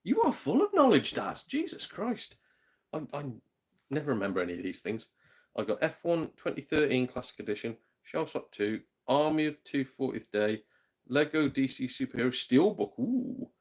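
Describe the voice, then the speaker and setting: A man's voice: mid-range voice, animated, normal speed. Chatty British man on a live stream. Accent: British English. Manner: chatty, rambling, swears mildly, drops to a hush. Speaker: gaming channel host. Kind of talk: casual live-stream chat. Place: home.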